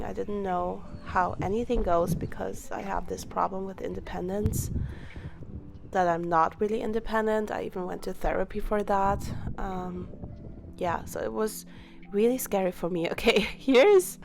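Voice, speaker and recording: A woman's voice: mid-range voice, creaky. A young woman from Europe talking candidly in a casual vlog voice-over, chatty and emotional. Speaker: travel vlogger.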